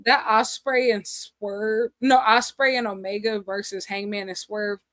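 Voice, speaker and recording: A woman's voice: mid-range voice, unhurried, dry recording. A woman co-hosting a podcast, chatting casually and jokingly in slang. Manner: animated, jokey, slangy. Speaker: podcast co-host. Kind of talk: casual wrestling chat.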